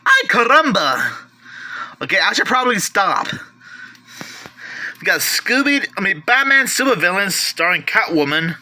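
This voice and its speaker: A man's voice: high-pitched, expressive, normal speed, bright, forceful tone, a little hiss or hum. A man casually showing off his home media collection, listing titles one by one with chatty asides and self-corrections. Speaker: collector vlogger. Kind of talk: casual show-and-tell of a collection.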